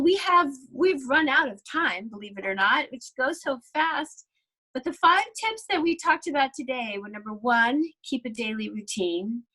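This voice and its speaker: A woman hosting a livestream interview, warmly affirming and summarizing the points discussed. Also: a little high, poor audio. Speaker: livestream host.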